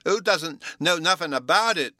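A man's voice: a little high, animated, normal speed, sharp tone, no room sound, clean studio sound, voice pushed up. A man reading a storybook aloud, voicing a small, stubborn little boy who talks back in indignant, ungrammatical sentences. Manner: indignant, ungrammatical child's talk.

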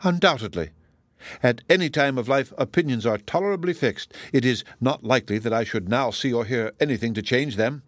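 A man's voice: mid-range voice, brisk, dry recording, clean studio sound, close to an everyday voice. A man voicing an ardent, earnest young woman in an audiobook reading, speaking with impassioned emphasis.

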